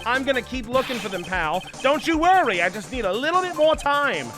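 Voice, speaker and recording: Guy doing a big loud gruff detective buddy, goes high and bouncy, game music under it. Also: sing-song, fairly quick. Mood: apologetic. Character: gruff loyal male detective sidekick.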